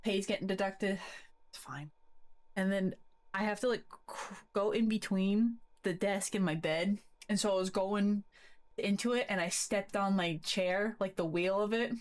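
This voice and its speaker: A woman's voice: mid-range voice, fairly even intonation, a little slow. A young woman streaming from her bedroom, chatting casually in a rambling, giggly way and swearing freely. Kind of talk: casual live-stream chat. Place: bedroom at a desk.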